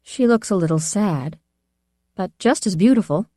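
An audiobook reader voicing a gentle, honest young country girl who gives soft, simple replies. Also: mid-range voice, animated, moderate pace, no echo, clean studio sound, pitched above the performer's own voice, lightly acted. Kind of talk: audiobook character voice.

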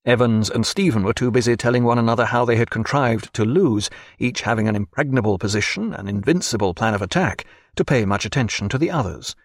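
A man narrating a novel as an audiobook, expressive and varied. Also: medium pitch, fairly quick, hardly any pauses, no echo, studio quality.

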